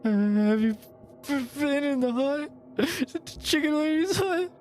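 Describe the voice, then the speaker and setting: A woman voicing a timid young male violinist in a horror game who stammers and pleads in a high voice. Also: animated, slow pace, darkish tone, slight background noise.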